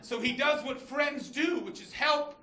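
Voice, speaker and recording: Loud, high-voiced man doing stand-up. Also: a little slow. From Canada. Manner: loud, manic, shouting punchlines. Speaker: stand-up comedian. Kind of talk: stand-up comedy set. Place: comedy club stage with audience. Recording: echoey club with loud crowd laughter.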